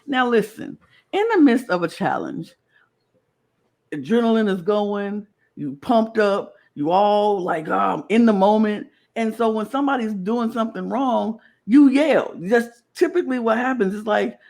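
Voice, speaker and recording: Woman, podcast co-host, gravelly voice, animated, acts out quotes, casual chat. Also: medium pitch, a little slow.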